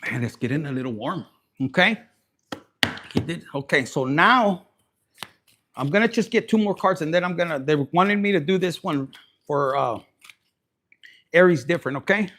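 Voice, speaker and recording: A man's voice: a little high, expressive, normal speed, pauses often, fairly bright tone, slight background noise. A man giving a raunchy, joking live tarot reading, slipping in Spanish. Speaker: tarot reader.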